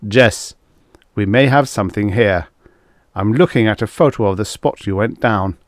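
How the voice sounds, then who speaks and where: A man voicing a gruff, impatient male colonel who barks orders loudly in a vintage science fiction audiobook. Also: on the low side, normal speed, no room sound, clean studio sound, natural voice. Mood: urgent. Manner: loud, barking, commanding.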